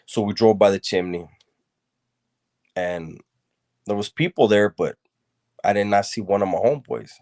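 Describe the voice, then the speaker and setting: Speaking slowly and conversationally, a man with a very deep, low voice and a darkish tone looks back on his own history. His casual telling leans on street slang and keeps doubling back into repetition.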